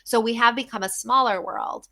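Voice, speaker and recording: A woman with a New Jersey accent hosting a casual podcast chat, telling animated stories and acting out the voices of the people she quotes. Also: a little high, normal speed, vocal fry. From New Jersey, USA. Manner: animated storyteller who acts out quoted voices. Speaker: podcast host.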